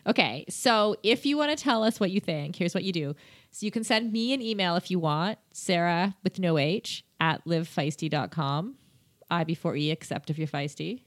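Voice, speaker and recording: A woman's voice: fairly low pitch, normal speed. A woman with a Canadian accent co-hosting a podcast, bubbly and teasing in casual chat. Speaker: podcast co-host.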